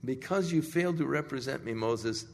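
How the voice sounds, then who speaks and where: A man's voice: mid-range voice, normal speed, lightly acted. A man voicing a stern but fatherly divine figure who speaks in a firm, reproachful way, in a sermon retelling. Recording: echoey hall.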